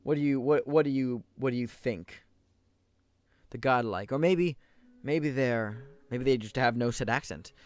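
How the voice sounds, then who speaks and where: A man's voice: mid-range voice, a little slow, a little mellow, no room sound. A man streaming a role-playing game, chatting casually and self-deprecatingly with his viewers.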